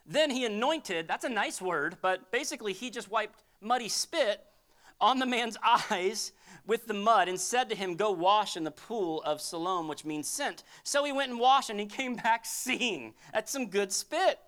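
Animated, lively woman preaching. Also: fairly high pitch, measured pace. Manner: animated, humorous, conversational. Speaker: pastor. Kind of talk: sermon.

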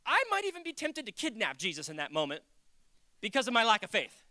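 A lively preacher with a bouncy, expressive pitch that climbs and falls constantly. The tone is bright and sharp, and the sound is close and dry, with no room echo. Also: quick pace. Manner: animated, acts out quotes, jokes. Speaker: pastor. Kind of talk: conversational sermon.

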